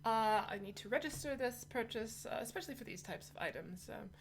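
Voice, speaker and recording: A woman voicing a brisk woman shopkeeper who sells birds, businesslike and dryly teasing. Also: fairly high pitch, expressive, a little hiss or hum, pitched above the performer's own voice.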